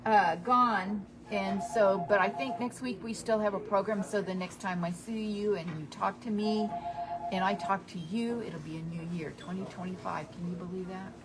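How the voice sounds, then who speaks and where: A middle-aged woman hosting a hardware-store advice show. She explains things chattily and plainly, and she sounds practical and down-to-earth. Her voice sits at an ordinary middle pitch. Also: steady tone, moderate pace, over music. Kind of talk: call-in home advice radio talk.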